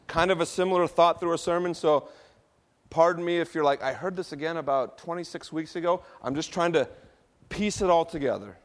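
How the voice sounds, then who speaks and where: A man preaching a sermon to his church, drawing the congregation into call-and-response and moving between soft, low passages and loud ones. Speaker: pastor.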